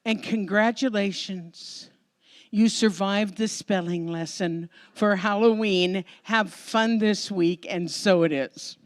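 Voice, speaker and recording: An American woman minister speaks to her congregation at an unhurried pace, her pitch sitting in an ordinary middle range. She tells a personal story in a conversational, openly emotional way, as a Sunday sermon. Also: fairly even intonation. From United States. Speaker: minister giving the Sunday talk. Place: church sanctuary before a congregation.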